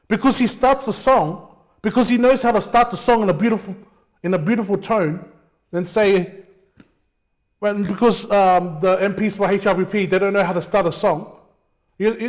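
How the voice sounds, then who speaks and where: A man hosting a talk show, delivering passionate, opinionated political commentary, often calling listeners "mate". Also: high voice. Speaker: show host.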